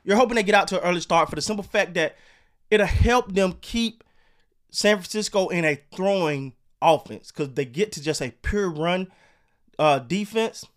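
A man ranting casually about football and basketball, animated, swearing and repeating himself. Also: high-pitched, normal speed. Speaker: sports commentator. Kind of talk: casual sports rant.

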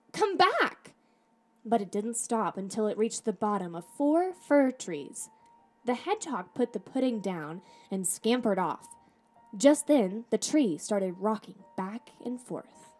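A woman podcast host reading a children's storybook aloud in the first person, animated, with acted dialogue. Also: a little high.

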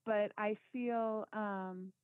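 A woman guest on a podcast, talking casually and reflectively, soft-spoken with pauses. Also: mid-range voice, steady tone, smooth, no echo. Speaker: guest, quilt designer and author. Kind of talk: casual interview chat. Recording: thin phone-like line.

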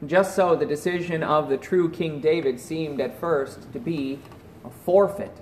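A man preaching a sermon in an earnest voice that drops to a hush at solemn points. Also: a little high, measured pace, echoey room, a little hiss or hum. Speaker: pastor.

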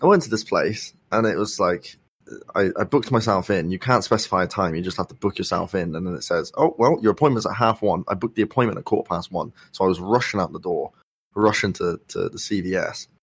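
A young man with a sore throat, speaking softly while telling a rambling, wry story in a casual podcast chat. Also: low-pitched, fairly quick, slightly rough. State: sore throat, soft-spoken. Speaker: podcast co-host.

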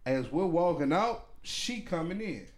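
A man's voice: on the high side, measured pace. A man telling a long story in casual podcast chat, acting out the people in it with heavy slang. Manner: animated storyteller, acts out quotes, heavy slang. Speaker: podcast co-host.

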